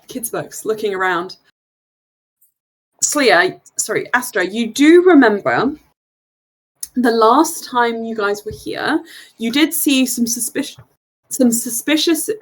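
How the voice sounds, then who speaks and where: A woman acting as game master of a tabletop game, narrating scenes with joking asides and frequent laughter. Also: fairly high pitch. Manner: laughs often, jokey asides.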